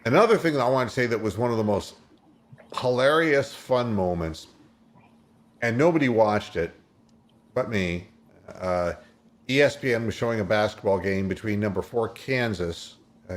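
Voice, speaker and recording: A sports radio host in casual talk, retelling games play by play like a storyteller. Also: male voice, fairly low pitch, moderate pace.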